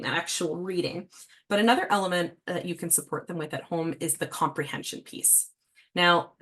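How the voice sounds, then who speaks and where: A woman's voice: fairly low pitch, fairly bright tone. A woman reading specialist giving a casual, friendly workshop talk to parents, with many fillers. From Canada.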